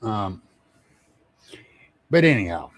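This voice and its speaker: Slow, low-voiced livestream host chatting. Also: male voice, very animated, dry recording. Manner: rambling, chuckles often, greets chat viewers by name. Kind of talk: casual live stream chat with viewers.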